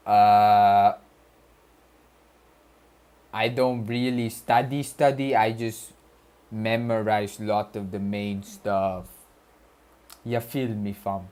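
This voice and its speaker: A man with a deliberately put-on Arabic-style accent, casually chatting with viewers on a study livestream and reading chat aloud. His speech is slangy and loose, with swearing and frequent stumbles. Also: lowish voice, steady tone, a little mellow. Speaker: streamer studying on stream.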